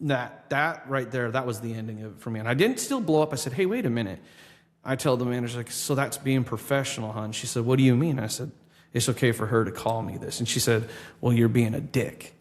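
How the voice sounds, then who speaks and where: A man's voice: medium pitch, fast. Man telling a story in a reverberant room. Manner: animated storyteller, quotes people in his own voice. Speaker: podcast guest, drummer. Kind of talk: casual storytelling interview. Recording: long reverb with faint background noise.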